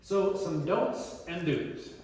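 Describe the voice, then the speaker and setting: A man giving a community talk on dementia care, animated and acting out quoted voices. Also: sits high, slow. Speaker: presenter. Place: community meeting room. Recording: echoey hall from far off.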